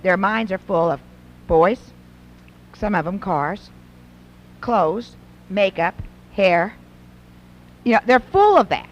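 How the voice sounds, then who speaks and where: A middle-aged woman giving a folksy, conversational talk to an audience of women, acting out little scenes between mothers and daughters. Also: sits high. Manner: animated, folksy, acts out mothers and daughters in quotes. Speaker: speaker at a Christian women's event.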